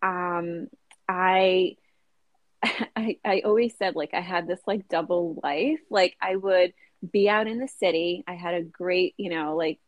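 A woman's voice: on the low side, no echo. A woman in her thirties talking as an interview guest, chatty and casual, with lots of "like" and "you know" fillers.

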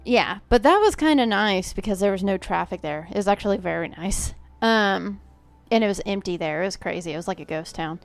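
Woman podcaster rambling through a story, smooth clear voice, faint music behind. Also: mid-range voice, animated, a little fast, no room sound. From Oklahoma. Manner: chatty, storytelling with filler words. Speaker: podcast co-host. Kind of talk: casual chat.

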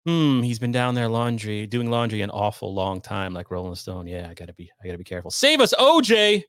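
A man with a fairly low voice chats casually as he hosts a stream from his basement. He runs through viewer comments and reacts to them, and the sound is dry and close to the mic. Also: steady tone, fast, clean tone, no echo. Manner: chatty, reads viewer comments aloud. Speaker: podcast host. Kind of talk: casual livestream chat, reading super chats. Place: home basement.

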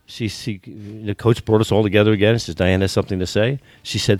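A man's voice: fairly low pitch, steady tone, brisk, few pauses, darkish tone, no room sound. A man in his sixties from the United States, telling stories as a podcast guest, often repeating words and restarting. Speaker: guest, football business consultant. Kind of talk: storytelling in a podcast interview.

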